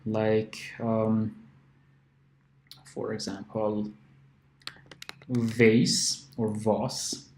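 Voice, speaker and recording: A man's voice: mid-range voice, dark tone. A man teaching English letter sounds, patiently repeating each example word. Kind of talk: phonics lesson explanation. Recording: echoey room.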